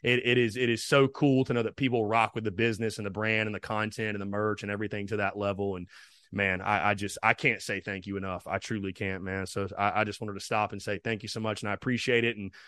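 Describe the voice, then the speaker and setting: A man's voice: fairly low pitch, flat delivery, fast talker, a bit bright, no echo. Chatty man hosting a podcast. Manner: rambling, with many restarts and fillers; heartfelt, thanking listeners. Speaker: podcast host. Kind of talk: casual sports podcast monologue.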